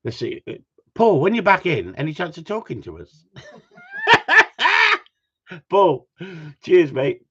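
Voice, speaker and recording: This livestream host has a slightly high, sing-song, husky voice and speaks slowly, pausing often. He jokes around, banters with viewers, and laughs a lot, all over dull, lo-fi stream audio.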